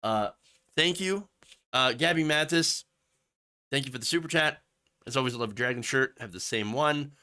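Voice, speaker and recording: A medium-pitched man with a sharp tone talks at normal speed, leaving long pauses, as he hosts a political commentary stream. He rants fervently, mocks opponents with sarcastic quotes, and then meanders through viewers' messages, using lots of fillers.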